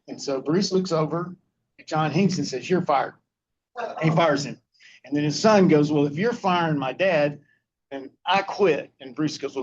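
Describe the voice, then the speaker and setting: A man's voice: on the high side, dull audio, slight background noise. A man telling folksy anecdotes about running a restaurant to a small audience, acting out quoted dialogue. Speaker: guest speaker telling restaurant history. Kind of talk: casual storytelling to a small group.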